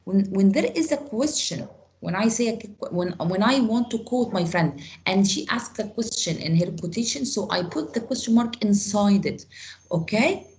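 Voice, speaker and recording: A woman's voice: mid-range voice, lively intonation, moderate pace, darkish tone, slight background noise, rough recording. Egyptian-accented female teacher, online class over a call mic, patient explainer with frequent restarts. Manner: repeats words, restarts phrases while explaining. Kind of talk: online grammar lesson.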